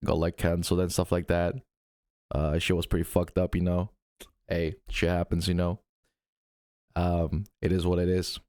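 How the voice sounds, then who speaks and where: A man voicing a laid-back male streamer who shrugs off a scandal in a low, mumbling, dismissive drawl. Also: completely flat delivery, moderate pace, long pauses, a little mellow, clean tone, no echo, studio quality, close to an everyday voice. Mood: nonchalant.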